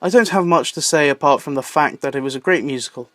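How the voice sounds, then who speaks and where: Excitable young Southern English man. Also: a little high, quick pace, no room sound. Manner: playful, excitable asides. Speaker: YouTube host. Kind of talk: enthusiastic list-video narration.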